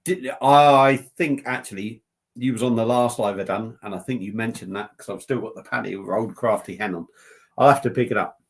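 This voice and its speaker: A man's voice: lowish voice, fairly quick. A man hosting a casual beer-review livestream, joking and rambling with plenty of swearing.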